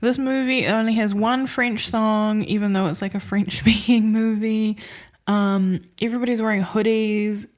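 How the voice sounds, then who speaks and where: Co-hosting a podcast, a woman with a medium-pitched voice and fairly even intonation talks at normal speed about films she's seen. The casual review rambles along with plenty of filler words and frequent laughs.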